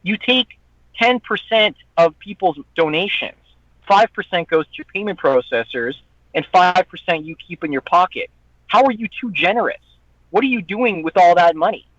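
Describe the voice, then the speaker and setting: Guest on a chat show: a high-voiced man venting with profanity, dull lo-fi dry recording. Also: lively intonation, normal speed, fairly bright tone, dry recording. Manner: heated, profane ranting with mocking quoted voices. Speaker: guest, online content creator. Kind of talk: casual podcast chat.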